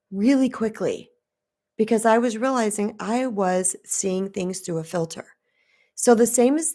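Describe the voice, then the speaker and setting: Frank straight-talking woman coach. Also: medium pitch. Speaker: relationship coach. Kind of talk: casual direct-to-camera talk.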